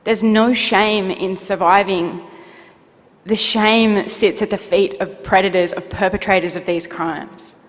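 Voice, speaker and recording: A young woman with an Australian accent, an award recipient answering on stage in an earnest, halting way with many fillers. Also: medium pitch, fairly even intonation. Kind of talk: emotional on-stage interview. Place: ceremony hall. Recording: long echo of a hall.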